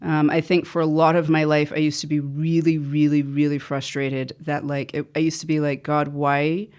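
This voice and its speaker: Woman guest on a podcast, kinda low voice, rambly, lots of ums and likes. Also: little pitch movement, fairly quick, darkish tone. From the islands, came to America at seven. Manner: rambling, drifts off track, many fillers. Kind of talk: casual interview chat.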